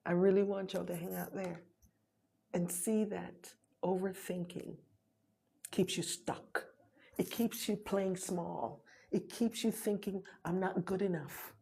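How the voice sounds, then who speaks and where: A woman hosting a live stream, giving an encouraging motivational talk and inviting viewers to join her, with drawn-out emphatic phrases. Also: medium pitch, fairly even intonation, creaky, warm tone, breathy edge.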